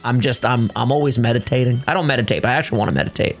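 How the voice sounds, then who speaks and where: A man co-hosting a gaming video, talking in a joking, animated, playful way. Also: medium pitch, rapid-fire, soft background music. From Italian-American. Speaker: gaming co-host. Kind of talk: casual gaming chat.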